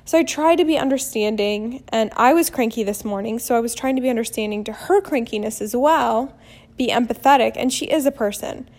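A woman in her thirties vlogging in a casual, storytelling way, her voice sitting a little high. She is animated and blunt, slipping in mild swearing and acting out the quotes of her story. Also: a little fast. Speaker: vlogger and mother.

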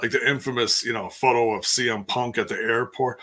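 A man's voice: medium pitch, steady tone, normal speed, few pauses, pushed and bright. A man hosting a casual live stream, rambling through a recap with lots of fillers and restarts while reading viewer comments. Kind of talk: casual chat.

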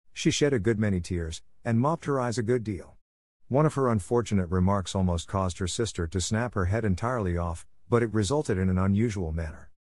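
A man narrating a classic storybook in a measured, even reading. His voice sits fairly low, and the recording is dry and close, with no room around it. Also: no echo.

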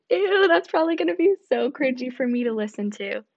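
A woman's voice: sits high, vocal fry, a little mellow. A young woman hosting her own podcast, chatting casually and rambling a little, with lots of fillers and self-deprecating asides. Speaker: podcast host. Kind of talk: casual solo podcast chat. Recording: dull lo-fi home recording.

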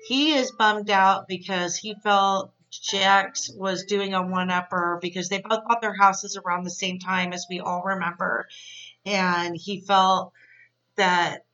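A woman's voice: mid-range voice, fairly even intonation, takes it slowly, bright, forceful tone, distant mic, highs cut off, faint music behind. A woman podcast host giving a casual, chatty, opinionated episode recap. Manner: chatty and opinionated, many fillers.

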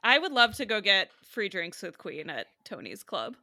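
A woman's voice: medium pitch, very animated, normal speed, sharp tone, no room sound, studio quality. A woman appearing as a guest on a podcast, chatting casually, laughing easily and restarting her sentences. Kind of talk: casual recap chat.

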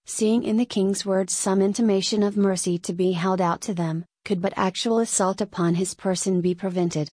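A woman narrating a historical adventure story as an audiobook, reading in a steady, even way. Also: medium pitch, husky, no room sound.

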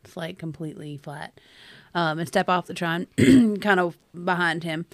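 A woman's voice: on the low side, a little slow, dry recording, clean studio sound. A woman talking casually as a player in a tabletop game, describing her actions.

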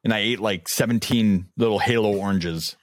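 A man with a lowish voice co-hosts a podcast in relaxed, casual chat. He rambles through his stories with fillers and frequent laughter. The sound is close and dry. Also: moderate pace, dry recording. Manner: rambling storyteller, laughs often. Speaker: podcast co-host.

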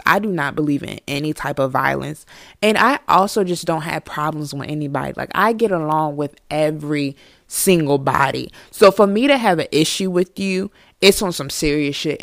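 A woman podcast host telling a storytime monologue in a candid, profane, animated way. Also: on the low side, no echo, clean studio sound.

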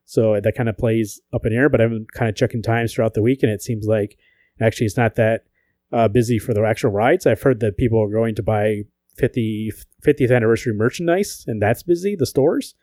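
A man's voice: on the low side, brisk, no echo. A man co-hosting a podcast in casual chat, joking and swearing as he tells stories. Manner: profane, joking, animated storytelling. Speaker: podcast co-host.

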